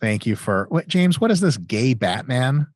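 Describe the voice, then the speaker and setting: A man's voice: mid-range voice, big pitch swings, moderate pace, dry recording. A man in his thirties co-hosting a casual question-and-answer chat, joking and swearing freely. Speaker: co-host answering viewer questions.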